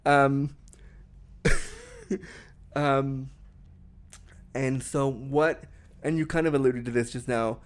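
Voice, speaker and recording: A man's voice: medium pitch, very animated, very slow, long pauses. Candid, self-deprecating young man in conversation. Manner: frank, laughing, many restarts and "like".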